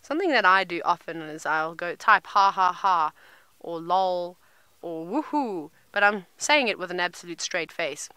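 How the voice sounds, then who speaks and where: A woman's voice: fairly low pitch, pushed and bright, clean tone, dry recording. A woman safari guide giving chatty live commentary from an open vehicle outdoors and answering viewers' questions. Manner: chatty, informative, thinks aloud.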